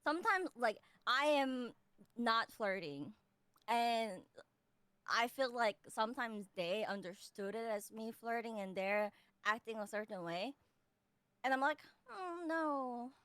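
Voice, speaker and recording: A woman co-hosting a casual stream chat, laughing often and talking in an animated way. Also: a little high, unhurried, clean tone, no room sound. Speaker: streamer co-host.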